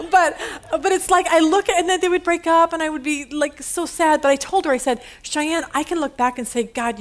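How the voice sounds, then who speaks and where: A woman's voice: high voice, fairly bright tone. A woman in her fifties teaching a women's Bible study in a chatty way, telling stories and laughing often.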